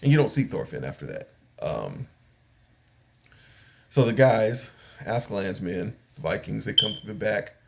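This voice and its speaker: Older man with a gravelly low voice. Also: very animated, measured pace, pauses often. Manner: rambling retelling with frequent fillers and acted-out paraphrases. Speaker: anime reviewer. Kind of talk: casual episode recap.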